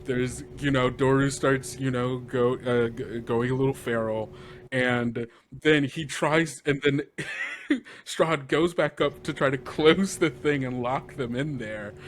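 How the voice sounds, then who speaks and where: A man, a game master guest, retelling a tabletop campaign session in a lively, rambling way, often laughing and filling gaps with "like.". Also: mid-range voice, slow, slight background noise. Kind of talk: animated storytelling recap.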